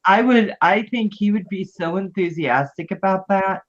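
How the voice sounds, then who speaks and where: A woman co-hosting a casual live stream chat, animated and teasing, often laughing. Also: medium pitch, moderate pace. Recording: dull lo-fi stream audio.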